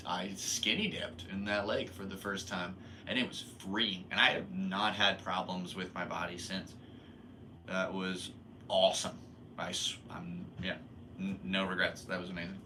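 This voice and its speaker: A man's voice: deep voice, sharp tone, a little hiss or hum. A young man hosting a podcast, telling a long story in a rambling, laid-back way and laughing at himself. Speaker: podcast host. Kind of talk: casual storytelling monologue.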